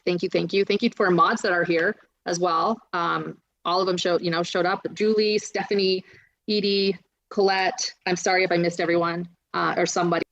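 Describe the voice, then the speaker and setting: Woman livestream host, gravelly low voice, rambling chat, lo-fi audio. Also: steady tone, fairly quick, fairly bright tone. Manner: chatty, rambling. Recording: dull lo-fi stream audio.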